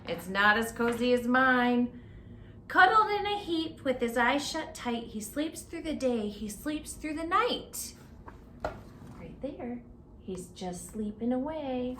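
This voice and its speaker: A woman's voice: fairly high pitch, sing-song, slow, bright, forceful tone, roomy sound, a little hiss or hum. A woman librarian reading a picture book aloud at children's story time, stopping often to ask the children questions. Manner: interactive, asks children questions.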